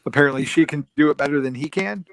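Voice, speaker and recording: A man on a group video call, speaking in a measured, hesitant way. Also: a little high, gravelly. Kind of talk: casual video-call chat.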